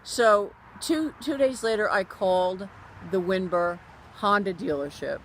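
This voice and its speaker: Woman telling a story, quick restarts. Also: medium pitch, a little hiss or hum. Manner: animated, acts out other people's quoted lines; frequent restarts and self-corrections. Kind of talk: casual spoken anecdote.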